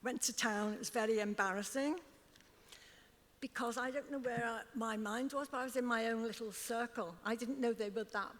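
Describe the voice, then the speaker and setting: Here an older woman with a Liverpool accent recounts stories to an audience as an interview guest on a club stage, often laughing as she reenacts what other people said. Her fairly high voice is steady and a bit bright at a normal speed, heard with long hall reverb.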